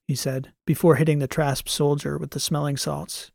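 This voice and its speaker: A man reading a science fiction story as an audiobook narrator, in a measured, even way. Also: fairly high pitch, gravelly, no echo, clean studio sound. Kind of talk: scripted narration.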